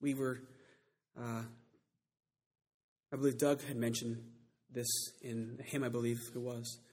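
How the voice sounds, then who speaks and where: A man preaching a sermon with emphatic delivery that builds to loud climaxes and slows down to stress key words. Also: medium pitch, little pitch movement, husky.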